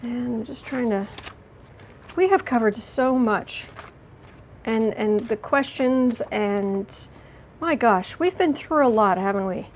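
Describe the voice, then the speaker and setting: A woman hosting a casual livestream from home, chatting with viewers and reading their questions in a relaxed, rambling way. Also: on the high side, takes it slowly, slight background noise. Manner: chatty, coos baby talk to her cat between reading viewer questions. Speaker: tarot reader and livestream host.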